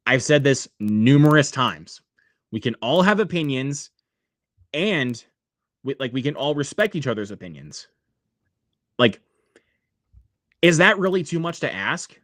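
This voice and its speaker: A man's voice: medium pitch, very animated, normal speed, pauses often, a bit bright, no room sound. Chatty man with a dry close sound. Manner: rambling, frequent "like" fillers, reads viewer comments aloud. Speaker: livestream host. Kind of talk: casual livestream chat.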